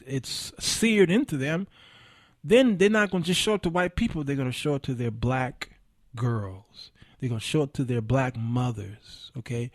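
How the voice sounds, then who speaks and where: A man's voice: medium pitch, no echo, studio quality. A middle-aged man hosting a livestreamed talk show, delivering a passionate monologue with preacher-like swells of emphasis. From Chicago area, US.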